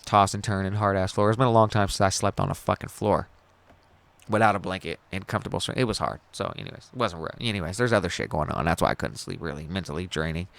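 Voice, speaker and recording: A man's voice: low-pitched, fast, vocal fry, fairly bright tone. A young man hosting a podcast, telling a personal story in a rambling, profane and emotional way. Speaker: podcast host.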